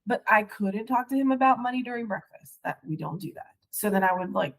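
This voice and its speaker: A middle-aged woman recounting her past as a podcast guest, halting and emotional, often restarting her sentences. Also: medium pitch, expressive, gravelly, low-quality recording. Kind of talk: personal storytelling.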